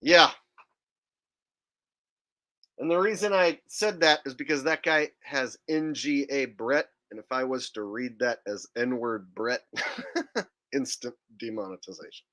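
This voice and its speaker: Male live-stream host, casual commentary, bright forceful tone, incredulous and profane. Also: medium pitch, unhurried, pauses often.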